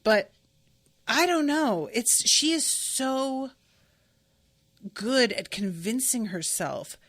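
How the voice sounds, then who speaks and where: A woman's voice: a little high, expressive, takes it slowly, fairly bright tone, no room sound. Heated, swearing woman podcast host. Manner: emphatic, swears freely; ranting, heated. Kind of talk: casual book-reaction podcast.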